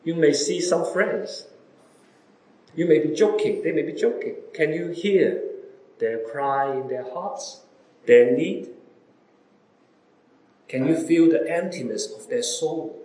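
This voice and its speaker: A male preacher with a fairly high voice delivers his sermon slowly and deliberately. He presses his listeners with one rhetorical question after another, swinging from loud emphasis to near-quiet. The sound echoes around the room. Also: expressive. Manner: repeated rhetorical questions to listeners, wide dramatic swings in pitch and loudness.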